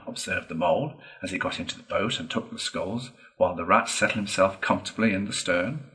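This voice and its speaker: A man reading a classic children's book aloud in a steady, measured storytelling voice. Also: low voice, rough recording. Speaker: reader.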